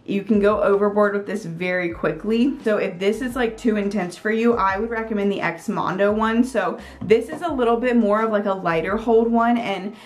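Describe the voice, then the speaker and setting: A woman talks through her favorite hair products in a casual, chatty vlog, scattering "like" and "um" through her sentences. Her pitch sits in an everyday middle range. She sounds upbeat and gushes now and then. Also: moderate pace, hardly any pauses. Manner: chatty, filler-heavy with frequent "like" and "um"; upbeat, gushing. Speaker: beauty vlogger.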